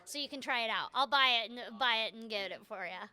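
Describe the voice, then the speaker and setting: Bright, high-voiced chatty American woman. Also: clear, resonant tone. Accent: Minnesotan-tinged American. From Seattle, USA. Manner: chatty, animated, quick to laugh. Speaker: host. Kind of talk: casual chat.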